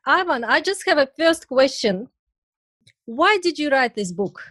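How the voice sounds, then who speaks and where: A woman's voice: sits high, big pitch swings, measured pace, fairly bright tone, no room sound. A woman co-hosting a podcast, asking questions and reflecting earnestly. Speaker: podcast co-host. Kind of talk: podcast interview.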